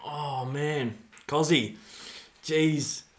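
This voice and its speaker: An Australian fan streamer provides excitable live commentary on a football match, shouting player names and then sinking into mutters. His voice is fairly high-pitched, and he speaks very slowly.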